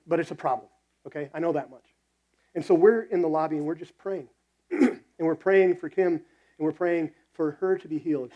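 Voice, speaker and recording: A man's voice: on the high side, muffled recording. A man preaching a sermon as pastor, talking conversationally and telling stories with quoted voices.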